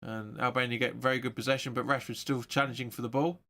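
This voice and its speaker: A man hosting a football watch-along stream, giving excitable, sweary live match commentary. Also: medium pitch, fast.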